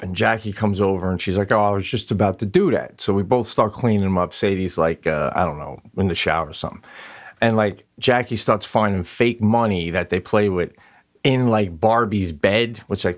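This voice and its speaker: A man's voice: lowish voice, normal speed. A man co-hosting a podcast, telling family stories in casual chat, profane and joking, acting out quoted voices. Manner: animated storyteller who acts out quoted voices. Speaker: podcast co-host; father.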